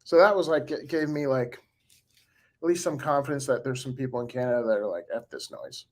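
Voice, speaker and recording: A livestreamer in his forties talks casually through viewer comments, wandering off with fillers and laughing along the way. He speaks quickly in a medium-pitched voice with a darkish tone.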